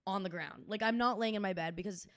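A woman's voice: medium pitch, fast talker, fairly bright tone. A young woman in her twenties co-hosting a podcast, telling stories in a chatty, casual way with plenty of swearing. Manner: chatty storyteller, swears freely, acts out quotes. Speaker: podcast co-host. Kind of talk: casual chat.

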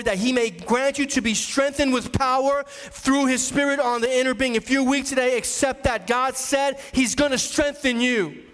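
Male pastor, high voice, repetitive rising sermon delivery, long church-hall echo. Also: a bit bright. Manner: preaching with repeated rising declarations. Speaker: associate pastor. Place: large church sanctuary.

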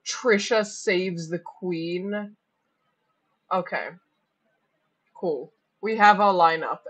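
Brief: casual young woman streamer, slightly low voice, excitable asides. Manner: chatty, excitable, joking asides. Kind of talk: casual reaction commentary.

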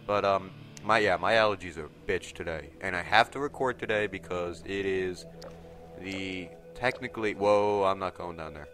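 A teenage boy with a nasal, stuffy voice from allergies, giving excitable let's play commentary and yelping at sudden moments. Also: moderate pace, soft background music. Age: teens. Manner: excitable, yelps and shouts in sudden pitch jumps. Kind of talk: casual gameplay commentary. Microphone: desk mic resting on a table.

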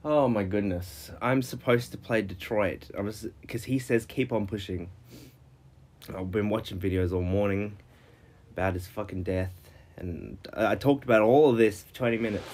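A man streaming live, ranting in frustration, swearing, and jumping into high-pitched yelling. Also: normal speed.

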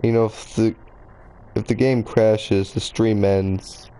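Male game streamer, low mellow voice, loose rambling chatter, pokes fun at himself. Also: fairly even intonation, slow, rough recording. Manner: rambling, chatty, self-deprecating. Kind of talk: casual live game streaming.

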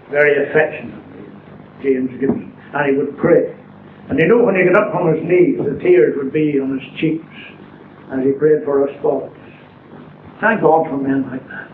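An older man gives an earnest sermon testimony, taking his time over the key words. His voice sits fairly high for a man and comes from far back in a roomy church. The recording is thin and phone-like, with a faint hiss underneath. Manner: earnest, storytelling, slow deliberate emphasis. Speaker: preacher.

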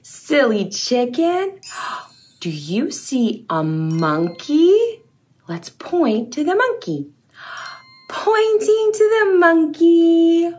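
Young woman, toddler presenter: very slow, high and bouncy, playful and sing-song. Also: big pitch swings, darkish tone. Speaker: children's video presenter. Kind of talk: teaching toddlers.

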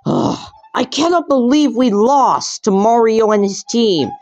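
Man doing a raging turtle king villain, gravelly, high strained yelling, petulant, dull lo-fi sound, faint music. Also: very animated, a little slow, heavily acted. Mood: furious. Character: furious hulking male turtle king villain. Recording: dull lo-fi recording.

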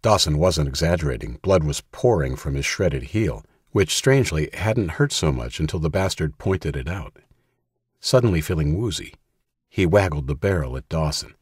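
Reading a tense thriller aloud, a male audiobook narrator uses his deep, husky voice at a steady, measured pace. The scripted narration is captured close and dry, with no echo or room sound whatsoever.

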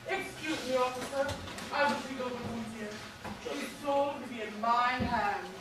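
A man's voice: extremely high pitch, normal speed. A young man playing a solemn, sermonizing priest in a school stage play. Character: preachy solemn male priest. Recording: echoey stage from far off.

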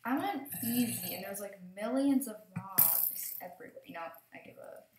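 A young woman hosting casual let's-play commentary, excitable, yelping and laughing whenever danger appears. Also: medium pitch, normal speed, echoey room, crowd noise, rough recording. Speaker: gaming channel host.

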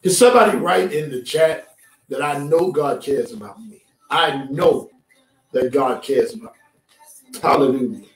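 A man's voice: mid-range voice, unhurried. A man preaching a streamed sermon as pastor, talking with his congregation and calling for responses. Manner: conversational preaching, calls for response. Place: church sanctuary. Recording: roomy, from a distance, music faint behind.

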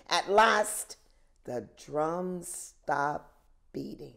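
A woman reading a children's book aloud in a slow, expressive way. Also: on the low side. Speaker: reader.

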